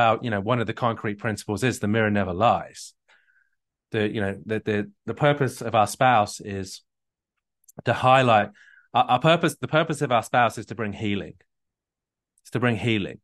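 Low-voiced man coaching on a call. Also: a bit bright. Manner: earnest, repetitive restarts, storytelling. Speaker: marriage coach.

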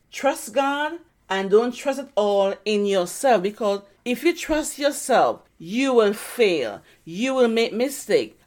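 Female podcast co-host, Bible study reader, even and steady. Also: medium pitch. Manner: steady reading and explaining of verses. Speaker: co-host reading scripture.

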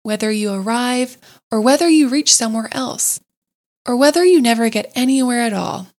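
A woman's voice: fairly high pitch, expressive, voice pushed up. A woman voicing a cheerful, enthusiastic male water rat in a storybook reading, with a hearty, exclaiming manner. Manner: hearty, exclaiming, rapid lists. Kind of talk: storybook character voice.

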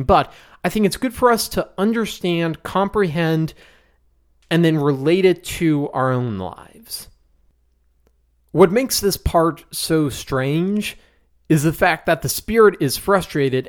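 A man hosting a podcast, teaching a Bible passage in a relaxed, conversational way with the odd chuckle. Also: fairly high pitch. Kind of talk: casual Bible study teaching.

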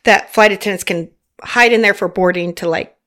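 A woman's voice: mid-range voice, brisk. A middle-aged woman, a flight attendant guest, telling stories in casual chat and laughing often. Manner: giggly, animated storyteller who laughs often.

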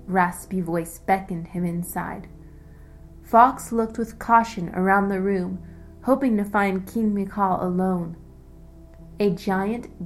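Slow, measured woman narrating a story. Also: medium pitch, poor audio. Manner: measured, descriptive. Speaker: audiobook narrator.

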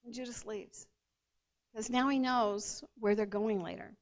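A woman teaching a Bible passage in a lively, conversational way, sometimes acting out the voices of the people in the story. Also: on the high side, unhurried. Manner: animated retelling, acts out the disciples' voices. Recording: dull lo-fi sound.

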